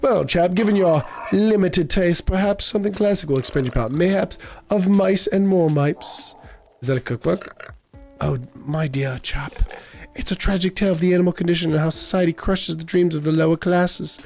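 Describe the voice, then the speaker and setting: A man's voice: high-pitched, normal speed, darkish tone, soft background music. A man doing a pompous posh clerk. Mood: condescending. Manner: condescending, prim and proper.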